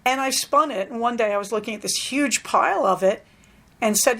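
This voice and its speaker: A woman's voice: on the high side, a little fast, fairly bright tone. A middle-aged woman hosting a podcast, talking in a rambling, self-deprecating way with frequent fillers. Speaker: podcast host. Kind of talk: casual podcast monologue.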